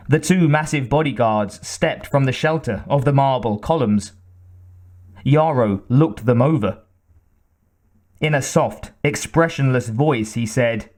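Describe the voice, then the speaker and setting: A man narrating an audiobook in a measured, deliberate reading style. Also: mid-range voice, darkish tone. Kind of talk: scripted narration.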